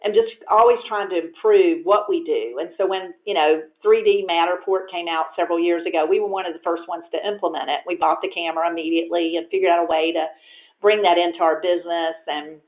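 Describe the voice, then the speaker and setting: A woman telling stories about her business as an interview guest, lively and competitive, her voice climbing when she quotes herself. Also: on the low side, quick pace. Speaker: guest, real estate agent. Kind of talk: interview answers, storytelling. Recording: echoey, phone-like audio.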